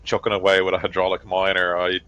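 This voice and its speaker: Brief: sardonic male crewman with a teasing grin in his voice, pitched a little high and loud, put on by a man. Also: completely flat delivery, fast, clean tone, highs cut off. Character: sardonic grinning male crew officer.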